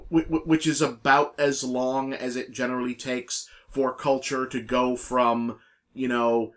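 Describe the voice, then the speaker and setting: A man's voice: medium pitch, little pitch movement, a little slow, fairly bright tone. Easygoing man stammering through chat. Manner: easygoing, stammers with repeated words. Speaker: podcast co-host. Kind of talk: casual chat.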